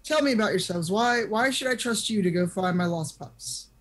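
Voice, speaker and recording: A man's voice: high-pitched, lively intonation, normal speed, fairly bright tone. A woman voicing a wizened older male elf farmer who fusses over his guests and frets about his lost pups. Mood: fretful welcoming.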